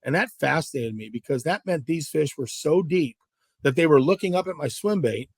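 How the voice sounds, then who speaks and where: A man's voice: fairly high pitch, normal speed, husky, no room sound, studio quality. A middle-aged man from Southern California, a guest angler telling fishing stories in a casual interview and acting out the dialogue. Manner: animated, acts out dialogue in stories.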